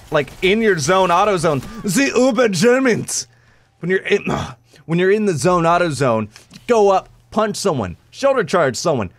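A man giving live commentary over his own gameplay, excitable and prone to yelping and shouting at the game. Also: high voice. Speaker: gaming YouTuber.

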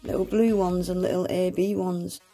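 A woman's voice: on the low side, level tone, normal speed, dark tone, faint music behind. A woman unboxing nail art supplies in a gushing, exclamatory manner, often gasping. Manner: gushing, exclamatory, lots of gasps and "oh my gosh". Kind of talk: unboxing vlog, casual chat.

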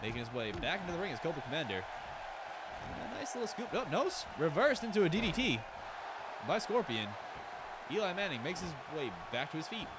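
Excitable man calling wrestling play-by-play. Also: fairly high pitch, fairly quick, heavy background noise. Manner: excitable, swearing, joking asides. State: strained, losing his voice. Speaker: wrestling commentator. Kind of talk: play-by-play commentary.

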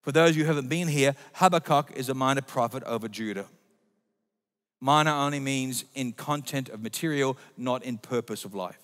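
A man's voice: mid-range voice, normal speed. Emphatic preaching man in a reverberant hall. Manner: emphatic preaching, swings between loud and quiet. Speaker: pastor. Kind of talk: sermon. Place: church. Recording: long reverb of a church hall.

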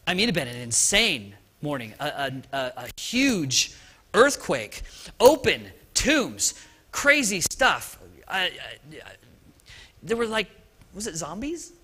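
Male pastor preaching at a church service, high and bright, loose, chatty delivery full of restarts. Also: takes it slowly. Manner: lively and conversational, with frequent restarts and asides. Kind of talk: Easter sermon.

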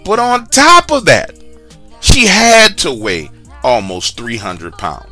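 A man's voice: fairly high pitch, huge pitch swings, slow pace, bright, forceful tone, faint music behind. A man casually telling a personal story, chatty and slangy, with asides to the listener. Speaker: storyteller sharing a true story.

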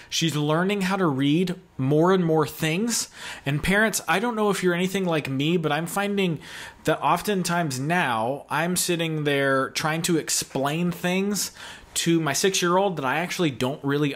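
A man in his thirties gives a relaxed video sermon. He talks in a chatty, self-deprecating way and cracks jokes as he goes. His voice sits a little high for a man. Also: measured pace. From American South. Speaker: guest pastor.

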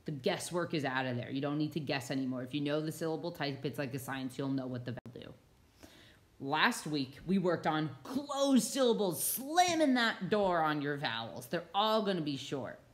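A woman with a notably low voice walks through a phonics lesson over slides. She explains each point patiently and sounds words out slowly for young listeners. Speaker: reading teacher.

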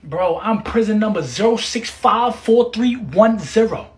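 A man's voice: high-pitched, animated, measured pace, husky. A man doing brash, swaggering comedy sketches in slangy talk, laughing often. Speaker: comedy creator.

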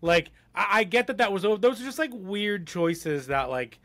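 A man co-hosting a podcast, talking in a loose, rambling way with plenty of fillers. His voice sits a little on the high side, and he states his views bluntly. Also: very animated, moderate pace, a bit bright. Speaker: podcast co-host. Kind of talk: casual chat.

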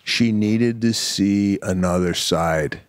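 Man, lowish voice, animated storyteller, casual podcast chat, dry close sound. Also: takes it slowly, clean tone, no room sound. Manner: animated storyteller who acts out family scenes. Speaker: podcast co-host.

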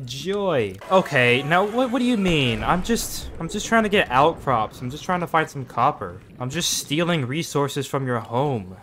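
A man giving joking, self-mocking commentary over his own gameplay, quick to get startled. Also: on the high side, big pitch swings, fairly bright tone, a little hiss or hum. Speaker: gaming video creator.

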